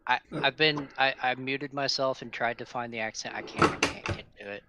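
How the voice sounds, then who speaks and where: A man's voice: mid-range voice, steady tone, brisk, noisy background. A man playing in a tabletop game, chatting casually and a bit sheepishly over a voice call. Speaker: player.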